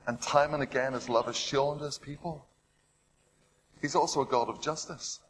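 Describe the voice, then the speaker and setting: A man preaching a sermon. He retells stories with rising drama, asks the listeners rhetorical questions and drops to a hush on heavy points. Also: on the high side, fairly even intonation, moderate pace, a little hiss or hum, rough recording.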